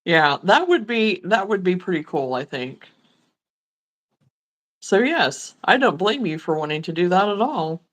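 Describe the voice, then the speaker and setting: A woman's voice: fairly low pitch, sing-song, a little slow, a bit bright. A woman casually hosting a livestream chat, friendly and encouraging. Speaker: livestream host.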